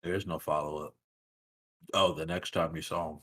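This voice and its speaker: A man's voice: extremely low pitch, flat delivery, normal speed, a bit bright. A man co-hosting a podcast in casual chat, laid-back and dryly teasing. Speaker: podcast co-host.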